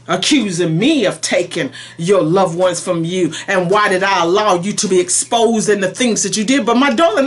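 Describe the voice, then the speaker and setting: A fairly high-pitched woman preacher channels God's voice in a prophetic message, pleading emphatically and shifting from soft to forceful.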